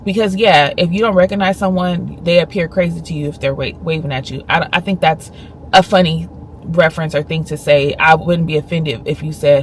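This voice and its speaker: A woman's voice: low voice, fairly even intonation, a little fast, a little hiss or hum. A woman in her thirties, a vlogger earnestly and emphatically retelling a conversation. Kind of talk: casual storytelling vlog.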